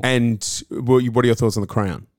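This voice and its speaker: A man's voice: mid-range voice, steady tone, moderate pace, darkish tone, dry recording, studio quality. A man co-hosting a casual podcast chat, telling stories in a giggly, rambling way, speaking into a handheld mic while seated in a chair. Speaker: podcast co-host.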